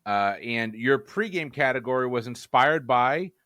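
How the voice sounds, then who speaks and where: Jokey podcast host guy, lively up-and-down voice, dry mic. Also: mid-range voice, unhurried, no room sound. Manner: jokey, playful introductions. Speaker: quiz show host. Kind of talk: casual podcast chat.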